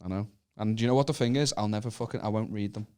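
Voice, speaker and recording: A man's voice: lowish voice, fairly even intonation, racing, darkish tone, smooth. A man with a Northern English accent, co-hosting a comedy podcast and telling sweary, self-mocking stories. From Northern England. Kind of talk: casual comedy podcast banter.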